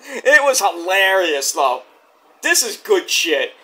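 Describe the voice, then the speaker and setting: A man giving a casual, excitable wrestling review and acting out the quotes in silly voices. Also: sits high, takes it slowly.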